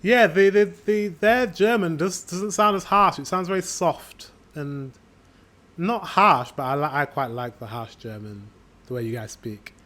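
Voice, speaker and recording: A man's voice: sits high, measured pace, bright, forceful tone, soft background music. A British man hosting a reaction video, chatting casually in an upbeat, hyped-up way. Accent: British English. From Britain. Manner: upbeat, hyped-up intro patter.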